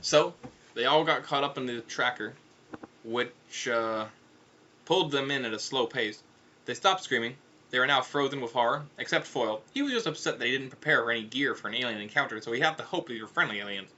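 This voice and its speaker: A man's voice: medium pitch, a little fast, pushed and bright, dull audio. A man narrating a comedic audiobook in a casual, offhand way with irreverent asides.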